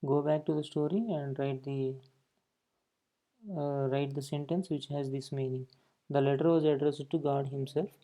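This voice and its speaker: A man's voice: mid-range voice, flat delivery, normal speed, warm tone. A man teaching a grammar lesson, explaining points and often saying "okay" between them. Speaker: English teacher.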